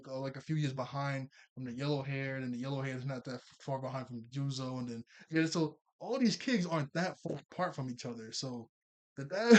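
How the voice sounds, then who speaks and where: Laid-back man recapping an anime episode. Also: medium pitch. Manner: rambling, laughs often, quick paraphrased quotes. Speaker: anime reviewer.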